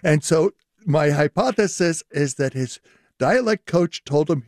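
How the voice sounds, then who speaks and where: A man's voice: fairly high pitch, expressive, measured pace, a little mellow, no echo, clean studio sound. An older man, a linguistics professor, explaining at length in a radio interview and laughing often.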